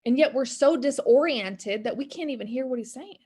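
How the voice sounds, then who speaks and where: A husky, darkish, high voice belongs to this business coach in her thirties, who talks a little fast over a video call. It's a casual motivational talk in which she rambles openly about faith and discouragement.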